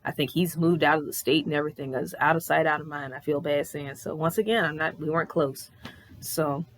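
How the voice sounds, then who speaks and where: A woman's voice: sits low, brisk. Candid, cursing woman in her thirties. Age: 30s. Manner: candid, profane, animated retelling. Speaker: vlogger. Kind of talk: casual storytelling vlog.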